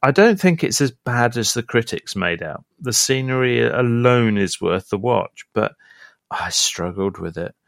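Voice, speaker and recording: A man giving a pre-recorded film review in an earnest, measured way. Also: mid-range voice, animated, vocal fry, dry recording, clean studio sound.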